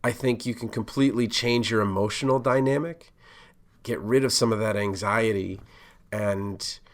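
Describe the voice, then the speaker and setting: A man's voice: on the low side, steady tone, normal speed. A middle-aged man hosting a solo podcast, talking casually with many fillers and restarts as he gives career advice. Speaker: podcast host, pharmacist.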